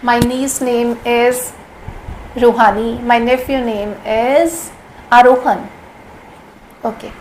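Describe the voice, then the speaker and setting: A woman runs a slow vocabulary lesson, cheerfully saying each word again and again. Her voice sits high, and faint noise hums behind her. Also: poor audio. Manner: repeats each word several times, cheerful. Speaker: language teacher.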